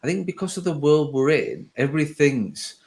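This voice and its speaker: A man's voice: fairly high pitch, very animated, normal speed, creaky, darkish tone. A man hosting a podcast, chatting casually in a rambling, conversational way and often correcting himself mid-sentence. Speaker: podcast host.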